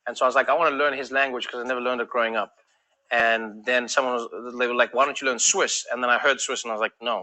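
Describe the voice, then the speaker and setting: A man in his thirties doing stand-up crowd work, telling stories in an animated way and acting out the people in them. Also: medium pitch. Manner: animated storytelling, acting out voices in quick back-and-forth. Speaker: comedian. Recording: noisy live stage recording.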